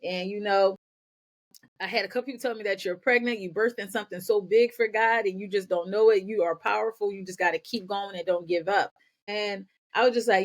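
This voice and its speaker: A woman guest on a podcast, telling her own story in energetic bursts and often repeating words as she goes. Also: mid-range voice, brisk. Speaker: podcast guest, nonprofit founder. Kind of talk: candid personal storytelling.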